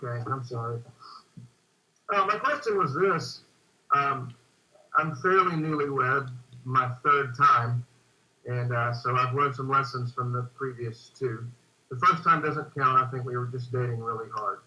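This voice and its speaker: A man's voice: medium pitch, a little slow, sharp tone. A man calling in to ask a question, speaking hesitantly with many fillers. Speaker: caller. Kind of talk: call-in question. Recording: dull lo-fi call line.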